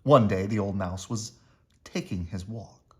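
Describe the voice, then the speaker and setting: A man reading a children's picture book aloud as a bedtime story, with expressive storytelling. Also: on the low side, a little slow. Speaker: storybook reader. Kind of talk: children's read-aloud narration.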